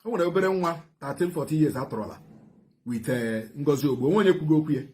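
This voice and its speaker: Igbo-accented middle-aged guy, slightly high voice, goes back and forth igbo and english, keeps repeating himself, fired-up rebuttal. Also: animated, fast talker, a little mellow. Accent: Igbo Nigerian. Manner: mixes Igbo and English, repeats phrases, rhetorical questions. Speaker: community spokesman rebutting a report. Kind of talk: impassioned video statement.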